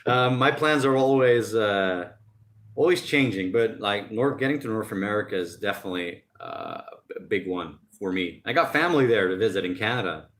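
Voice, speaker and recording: A man's voice: lowish voice, lively intonation, moderate pace, a bit bright. A man hosting a casual live stream outdoors by the ocean, reading out chat messages and chatting loosely with lots of jokes. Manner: loose, rambling and jokey, often laughing.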